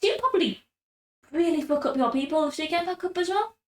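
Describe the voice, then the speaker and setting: Woman player, high voice, chatty, echoey room. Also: expressive, brisk. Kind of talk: in-character game chat.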